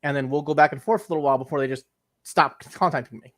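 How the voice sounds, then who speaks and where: A young man with a slightly higher-than-usual voice rants through a casual podcast chat. He swears freely and acts out his frustrating calls to tech support. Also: racing, fairly bright tone. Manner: exasperated ranting, swearing, acting out phone calls. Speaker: podcast co-host.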